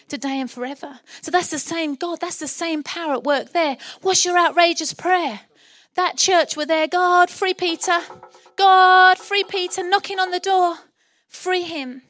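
High-voiced english lady pastor preaching, all fired up, dry sound. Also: fairly bright tone, no echo. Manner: impassioned, rousing, acts out quoted voices. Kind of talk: sermon.

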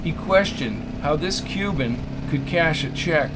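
Steady male audiobook narrator. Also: on the high side, unhurried, heavy background noise. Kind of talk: scripted narration.

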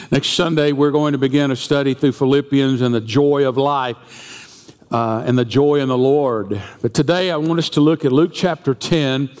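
A man's voice: medium pitch, a little mellow. Male pastor, sermon delivery, storyteller who acts out voices, long hall reverb. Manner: storytelling, acting out quoted voices. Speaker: senior pastor.

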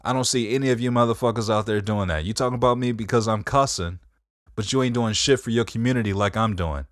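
A man's voice: fairly low pitch, quick pace, no room sound, studio quality, voice pushed up, natural voice. A man putting on the voice of a defiant, profane older preacher who rants and swears. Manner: brash, swearing, preachy ranting.

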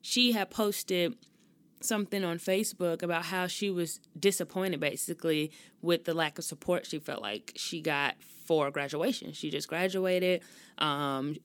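Young woman with a lowish voice venting on her podcast, cussing a lot, dry sound. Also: a little slow, smooth, no echo. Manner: expressive, ranting, with frequent cursing. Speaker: podcast host. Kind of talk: casual solo talk.

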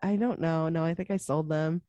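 A woman in casual conversation about a film, animated, laughing often and acting out characters' lines. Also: low voice, moderate pace, dry recording. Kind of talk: casual movie discussion.

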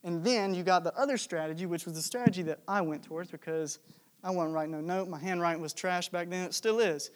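High-voiced young man preaching casually. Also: fast talker. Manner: conversational, jokey, with many fillers. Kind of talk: casual storytelling sermon.

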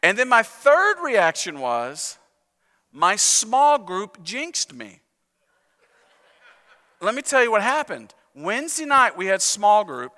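A man's voice: sits high, bright, forceful tone. A man preaching a sermon in a conversational, self-deprecating storytelling way, asking the congregation to repeat after him. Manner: urges the congregation to repeat phrases. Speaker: pastor. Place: church sanctuary. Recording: reverberant church sanctuary.

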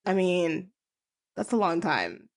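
Woman in rambling, animated chat. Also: lowish voice. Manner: rambling, animated, with filler words and quick asides. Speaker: co-host retelling a film. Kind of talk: casual chat.

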